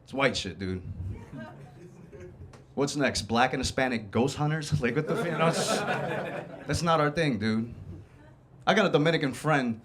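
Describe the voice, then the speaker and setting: A man's voice: mid-range voice, normal speed, pauses often, a crowd in the background. A man hosting a comedy show, doing a casual, profane stand-up set on a club stage. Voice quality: casual, profane, laid-back delivery.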